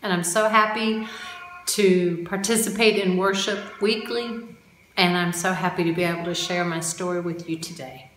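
A woman's voice: on the low side, steady tone, normal speed, a bit bright. A woman from the United States, a mission co-worker, sharing a personal testimony in a conversational way. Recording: roomy echo with faint background noise.

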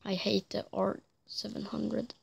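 A woman's voice: mid-range voice, level tone, measured pace, creaky, breathy edge. A woman giving casual commentary over a shooter game, frustrated, blurting short outbursts and apologizing for her swearing. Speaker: gameplay commentator.

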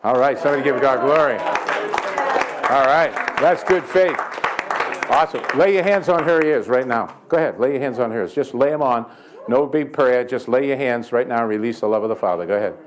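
A man's voice: medium pitch, moderate pace, a crowd in the background, noisy background. A man preaching at a church healing service, mixing folksy stories and jokes with short prayers. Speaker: guest healing evangelist. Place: church sanctuary.

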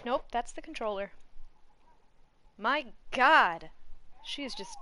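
Casual streamer woman, high-pitched and lively, slow-talking, scolds a pet between game chatter, curses casually. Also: a little hiss or hum. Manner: chatty, scolds her cat in an animated, exasperated tone, drops to soft murmurs; swears casually. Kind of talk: casual gameplay commentary.

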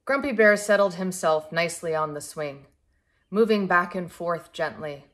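A woman's voice: on the low side, moderate pace. Woman reading a picture book aloud. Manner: clear, expressive storytelling. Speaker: storybook reader.

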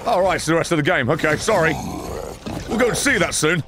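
A man streaming a game, exasperated and swearing as he comments. His voice sits a touch high and swings a lot. Loud game noise plays behind him. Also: lively intonation, fast. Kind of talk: gaming commentary.

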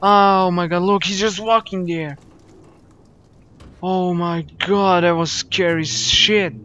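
A man's voice: sits high, slow pace, muffled recording, a little hiss or hum. Jumpy young man voicing gameplay commentary. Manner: excitable, jumpy, swears when startled. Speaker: gaming YouTuber. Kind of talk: first-play horror game commentary.

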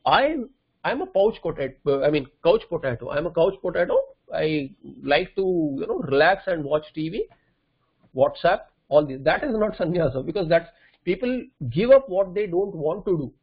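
High-voiced man teaching scripture. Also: very animated, moderate pace, slightly rough. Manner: explains by asking himself questions and answering them. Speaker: Vedanta teacher. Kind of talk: scripture class lecture. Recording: dull lo-fi class recording.

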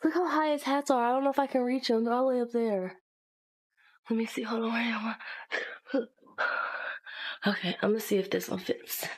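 A woman's voice: fairly high pitch, steady tone, fairly quick. A young woman vlogging to camera in a chatty, rambling way. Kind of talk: casual vlog talk to camera. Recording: echoey room.

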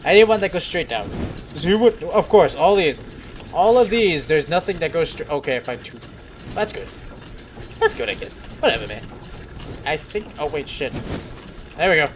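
A man's voice: on the high side, lively intonation, a little slow, long pauses, fairly bright tone, slight background noise. A young man talking to himself while playing a game, rambling, giggling and swearing. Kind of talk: let's play commentary.

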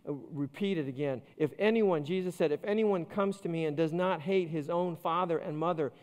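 A man's voice: a little high, a little fast, darkish tone. A man, a pastor, preaching a sermon with jokey, self-deprecating stories. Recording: long church hall reverb.

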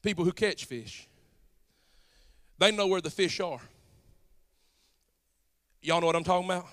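A Southern-accented pastor delivers a folksy, storytelling sermon. His voice sits high for a man and rings bright and forceful, rising at times into shouted preaching. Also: measured pace. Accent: Southern US, South Georgia.

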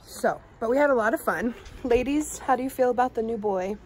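A woman's voice: a little high, fairly quick, slight background noise, rough recording. A young woman in her twenties vlogging casually from a family vacation, chatty and giggly, with many "like"s. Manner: chatty, giggly, says "like" often. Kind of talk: casual vlog chat. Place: outdoors at a beach and indoors at a vacation home. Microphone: handheld vlogging camera.

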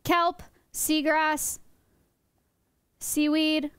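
A woman's voice: high voice, little pitch movement, very slow, fairly bright tone, dry recording, studio quality. A young woman teaching her stream chat about animals in a playful, joking way, often laughing. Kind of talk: casual livestream lesson.

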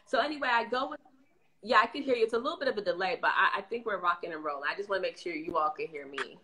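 A woman guest telling a personal story in a lively, casual way, acting out what people said. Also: mid-range voice, very fast, slight background noise. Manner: lively, acts out quoted voices; casual, frequent "you know what I'm saying".

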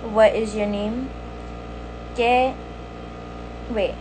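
A woman's voice: fairly high pitch, moderate pace, pauses often, background noise. A young woman chatting casually on a phone livestream, playful and boastful, repeating phrases in a sing-song way. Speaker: livestream host.

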